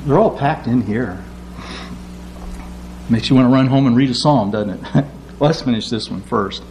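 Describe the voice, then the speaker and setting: A man preaching a sermon, acting out quoted prayers with lively rises in his voice. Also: medium pitch, normal speed, a little hiss or hum. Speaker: pastor.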